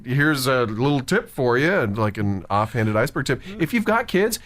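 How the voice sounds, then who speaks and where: This Canadian man co-hosts a voice-over podcast and is himself a voice actor, telling stories in a chatty, casual way. His mid-range voice is sing-song and slightly bright, coming in quick bursts, and he laughs easily.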